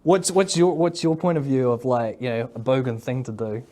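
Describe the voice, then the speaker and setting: A man's voice: mid-range voice, fairly even intonation, moderate pace, warm tone. A man with a New Zealand accent, a mental health worker talking casually in an interview, rambling with lots of fillers and tag questions. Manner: rambling, full of fillers and "eh?" tags.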